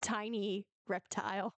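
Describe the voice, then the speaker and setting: A woman's voice: mid-range voice, fairly even intonation, slow, dry recording. A woman running a tabletop game over a video call, narrating in a giggly, rambling way. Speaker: game master.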